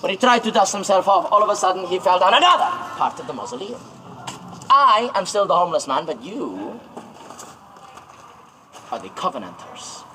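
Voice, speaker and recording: High-voiced man telling ghost stories outdoors. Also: expressive, quick pace. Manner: dramatic, jokey, teasing and ordering the crowd about. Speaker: ghost tour guide. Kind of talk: theatrical storytelling to a tour group. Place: outdoors in a graveyard on a city street. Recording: noisy outdoor recording with passing traffic.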